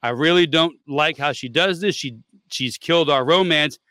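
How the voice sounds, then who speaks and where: A male podcast host reads a forum post aloud and keeps stumbling on it, cursing at the bad punctuation. His voice sits a bit high and sounds bright and forceful. The recording is close and dry. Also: normal speed, no room sound. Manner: blunt, swears freely, stumbles over the text. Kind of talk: reading a forum post aloud, casual chat.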